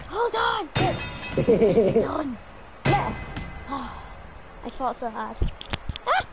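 High-pitched silly woman gaming. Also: very animated, extremely slow, low-quality recording. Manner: silly, rambling, joking to herself. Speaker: gamer. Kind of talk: casual gameplay commentary. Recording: game music playing behind.

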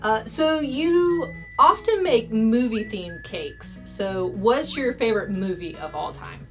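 A woman's voice: a little high, lively intonation, slow pace, fairly bright tone, faint music behind. A woman guesting on a casual YouTube interview, bubbly and giggling between answers.

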